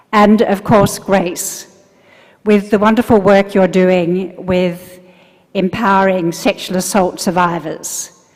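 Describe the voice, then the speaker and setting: An older woman with an Australian accent giving formal closing remarks as a governor, measured and praising. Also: mid-range voice, darkish tone. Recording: long echo of a hall.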